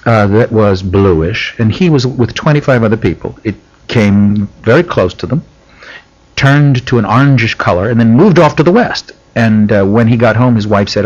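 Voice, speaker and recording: Husky man telling a lively story. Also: on the low side, normal speed. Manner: animated storyteller, lively emphasis. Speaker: studio guest. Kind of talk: radio talk show conversation. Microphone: studio microphone. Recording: lo-fi radio broadcast.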